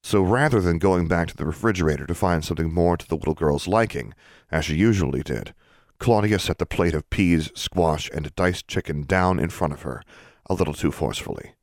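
Deep-voiced man narrating a story. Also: fairly quick, gravelly, a little mellow, dry recording, studio quality. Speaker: audiobook narrator. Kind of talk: scripted narration.

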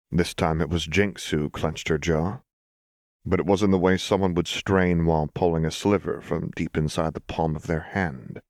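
A man reading a story aloud in calm, measured, scripted narration. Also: low voice, dry recording, clean studio sound. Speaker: audiobook reader.

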